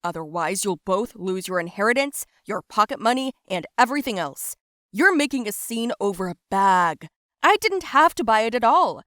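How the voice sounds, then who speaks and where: A woman voicing a stern shouting father. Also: medium pitch, sing-song, moderate pace, no echo, clean studio sound. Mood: stern ultimatum. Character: angry middle-aged father laying down the law.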